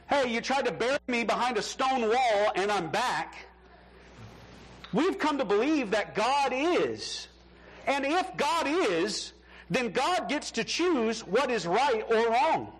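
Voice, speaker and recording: A man's voice: extremely high pitch, a bit bright, breathy edge, low-quality recording. A man preaching a sermon as pastor in a conversational style, acting out the voices he quotes.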